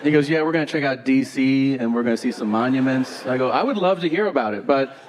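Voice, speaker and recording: A man doing a stand-up comedy set on stage, telling stories in a deadpan way and acting out both sides of the dialogue. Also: medium pitch, quick pace. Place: theater stage before a live audience. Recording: live show with crowd noise. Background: audience laughter.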